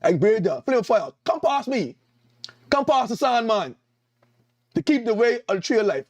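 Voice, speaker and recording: Caribbean guy preaching, high voice, repeats himself a lot, pretty dry sound. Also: big pitch swings, a little fast, darkish tone, no echo, lo-fi sound. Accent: Caribbean English. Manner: emphatic, repetitive, calls out to the congregation. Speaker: evangelist preacher. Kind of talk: sermon.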